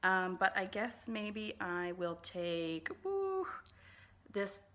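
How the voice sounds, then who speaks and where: A woman's voice: medium pitch, very animated, very slow, background noise. A woman vlogger chatting casually through a makeup tutorial, bubbly and full of fillers, sometimes dropping into whispered asides. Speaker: beauty vlogger.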